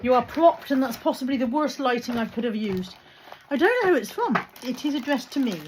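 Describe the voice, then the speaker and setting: A woman's voice: high voice, animated, brisk. A woman talking casually to camera in a chatty, rambling, self-deprecating vlog. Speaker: vlogger. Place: in a car, then at home. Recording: dull recording with clear background noise.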